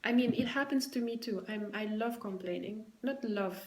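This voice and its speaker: A woman's voice: mid-range voice, normal speed, a little mellow, reverberant, rough recording. A woman vlogging casually to camera. She retells a story about a colleague at work and acts out both sides of the conversation. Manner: retells a workplace story, acting out both sides with quoted dialogue.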